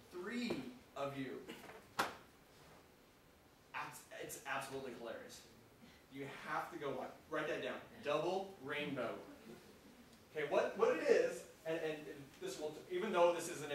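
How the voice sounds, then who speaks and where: A man giving a conversational training talk at a conference, animated and addressing the audience, often restarting his sentences. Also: on the high side, slight background noise. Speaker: conference presenter. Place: conference room. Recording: echoey room, distant mic.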